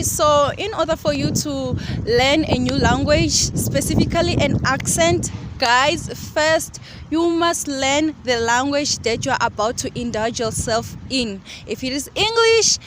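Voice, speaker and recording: A woman with a high voice co-hosts a casual discussion and gives earnest advice. She also makes self-deprecating jokes. She is recorded outdoors, with clear traffic and street noise behind her. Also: measured pace, fairly bright tone. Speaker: co-host.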